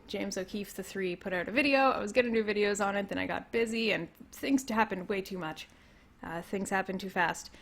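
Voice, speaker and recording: A young woman with a Canadian accent, a little hoarse from losing her voice, rambling through a casual livestream from home, laughing often. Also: medium pitch. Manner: rambling, laughs often, reads chat comments aloud. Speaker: livestream host. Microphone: computer mic.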